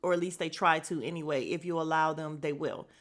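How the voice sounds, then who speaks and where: A woman's voice: low-pitched, fairly even intonation, a little fast. A woman hosting a podcast, recapping in a casual, blunt and opinionated way, swearing freely, with lots of fillers and asides. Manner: chatty with frequent fillers and asides. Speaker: podcast host reviewing a reality dating show.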